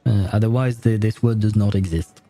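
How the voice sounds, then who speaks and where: A man's voice: on the low side, fairly even intonation, brisk, warm tone. A man giving chatty, amused let's-play commentary as a streamer, with faint game music behind. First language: French. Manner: chatty, amused, nitpicky asides.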